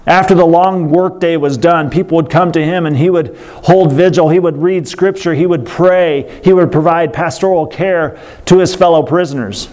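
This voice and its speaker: Guy preaching, storytelling sermon voice, earnest w/ chatty asides, a bit high. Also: moderate pace, hardly any pauses, a little mellow.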